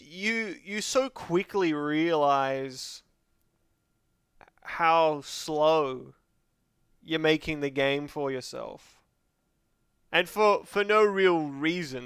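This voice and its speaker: Slow, rambling Australian man. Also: fairly high pitch, a bit bright, clean tone, no echo, clean studio sound. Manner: rambling, joking, laughs often. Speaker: streamer. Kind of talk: casual gameplay commentary.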